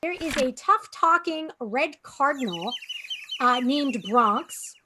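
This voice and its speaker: A woman host from New York City interviewing a guest. Her voice sits high, and she asks her prepared questions in a friendly way. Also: animated, slow, noisy background. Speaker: podcast host.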